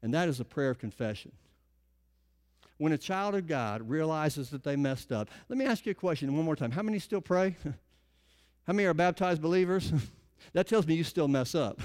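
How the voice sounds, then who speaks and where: A man's voice: a little high, expressive, moderate pace, darkish tone. A middle-aged man preaching a conversational sermon to a church congregation, often putting questions to the listeners. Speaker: pastor.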